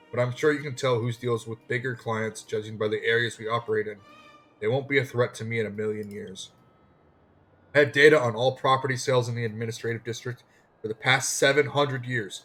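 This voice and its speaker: A man's voice: medium pitch, fairly bright tone, lightly acted. A man reading as a slick woman property agent. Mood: boastful. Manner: plain read-aloud, no put-on voice. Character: scheming woman property agent, smooth salesy talker.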